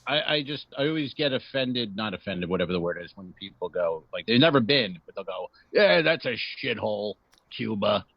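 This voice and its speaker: A man talks in casual banter, his pitch swinging widely as he jokes and swears. The sound is dull and muffled. The room is dry, with no echo. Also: a little fast, few pauses. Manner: animated, profane, joking banter. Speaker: comedian. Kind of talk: casual podcast chat.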